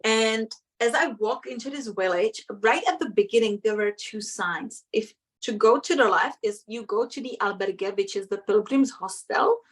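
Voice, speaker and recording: A middle-aged woman recounts a personal story as an interview guest, her voice sitting at an ordinary pitch. She speaks reflectively and with feeling, now and then acting out the voices in her head. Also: normal speed, few pauses. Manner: reflective, emotional, acts out her inner voices.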